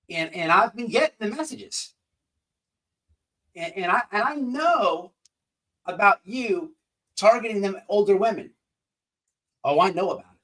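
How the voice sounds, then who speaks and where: A man's voice: high voice, very animated, unhurried, pauses often, a bit bright, far from the mic, rough recording. A man hosting an online commentary show, ranting in a profane, confrontational, repetitive way.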